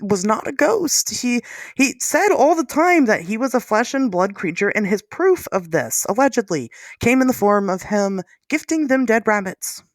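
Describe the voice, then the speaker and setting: A woman hosting a podcast, chatting casually, sarcastic and quick to laugh. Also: fairly high pitch, very animated, no room sound, studio quality. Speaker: podcast host. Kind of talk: casual chat.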